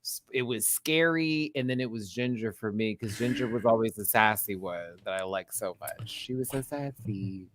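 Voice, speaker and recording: A man's voice: lowish voice, normal speed, hardly any pauses, fairly bright tone, no echo. A man hosting a live show recap, chatting casually with lots of laughs and gossipy asides. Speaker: host.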